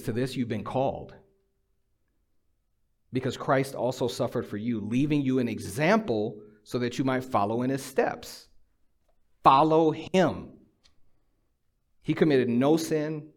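Middle-aged man, pastor, conversational sermon, emphatic, dry humor, mid-pitched voice. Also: darkish tone.

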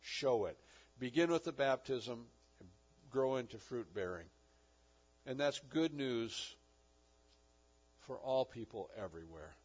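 A man preaching a sermon as pastor, earnest, with rising and falling emphasis. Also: mid-range voice. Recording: dull lo-fi recording.

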